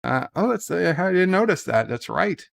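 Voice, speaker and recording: A man's voice: high-pitched, sing-song, moderate pace, gravelly. A man hosting a casual livestream, ranting bluntly with swearing and answering his chat. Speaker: livestream host reading chat.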